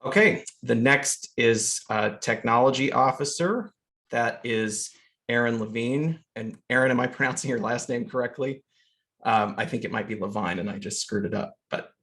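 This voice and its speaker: A man chairing an online meeting on a video call, halting and full of fillers as he runs through procedure. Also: mid-range voice, fairly bright tone.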